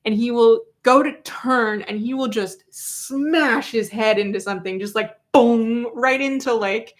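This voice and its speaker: Wry woman host recapping the news: casual, filler-heavy, pitched a bit high. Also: a little slow. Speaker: trial reporter and host.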